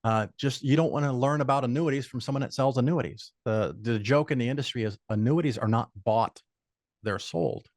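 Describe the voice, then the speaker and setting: An older man speaking as a podcast guest, blunt and opinionated, with casual swearing in his storytelling. His voice sits at a middle pitch for a man. It is recorded dry and close, with no room sound. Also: brisk, a little mellow, no echo. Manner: blunt and profane; opinionated, lays out firm rules.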